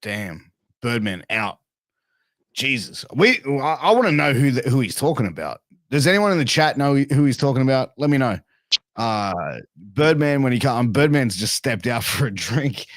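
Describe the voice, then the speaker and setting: A laid-back male podcast host with a mid-pitched voice keeps pressing his guest with casual questions. His sound is dry and close to the mic. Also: sing-song, moderate pace, no room sound.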